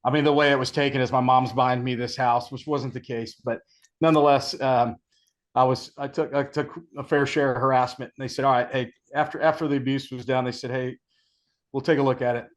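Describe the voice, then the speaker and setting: A man's voice: mid-range voice, a little fast. Laid-back man telling army stories. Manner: relaxed storytelling, acts out quoted sergeants, laughs. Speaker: podcast guest, retired Ranger sergeant major. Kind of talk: casual storytelling.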